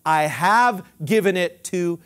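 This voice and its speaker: A male pastor preaching a sermon, leading the congregation in call-and-response and swinging from loud emphatic declarations to quiet low asides. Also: slow pace.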